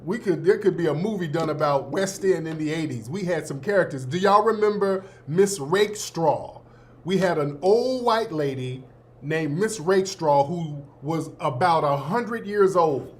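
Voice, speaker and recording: High-pitched man telling laughing stories. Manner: laughing, nostalgic, slangy. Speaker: host. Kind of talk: casual storytelling.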